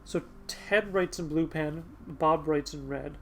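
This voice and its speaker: A man's voice: fairly high pitch, slow, a bit bright. A man hosting a let's play, reading game text aloud and chatting wryly to himself, swearing now and then. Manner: wry, swears casually, mutters to himself. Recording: with faint game music behind.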